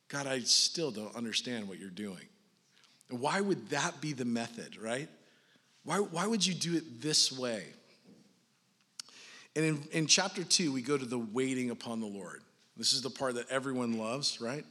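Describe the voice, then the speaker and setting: A man's voice: mid-range voice, lively intonation, moderate pace, sharp tone. A man preaching a sermon in a casual, joking way, often checking in with "right?" and "like". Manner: jokey, conversational, often adds "right?" and "like". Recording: long hall reverb.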